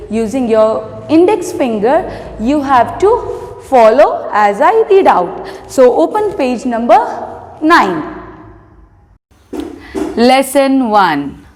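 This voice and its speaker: Female teacher, Indian English accent, very slow, careful delivery, reads a lesson aloud to young pupils. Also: on the high side, darkish tone. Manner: slow, deliberate reading with repeated instructions. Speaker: primary school teacher. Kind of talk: online class reading lesson aloud.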